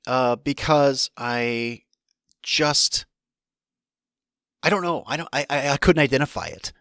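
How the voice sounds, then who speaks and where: A man's voice: medium pitch, pushed and bright, no echo, clean studio sound. A man hosting his own podcast alone, talking casually and candidly with many restarts and asides. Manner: rambling, restarts often, candid. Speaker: podcast host. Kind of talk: solo podcast monologue.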